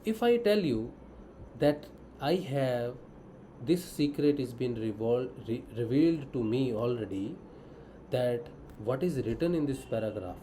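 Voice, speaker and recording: A man's voice: medium pitch, lively intonation, unhurried, warm tone, slight background noise, low-quality recording. Earnest man teaching devotion. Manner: earnest, asks and answers his own questions. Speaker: spiritual disciple explaining scripture.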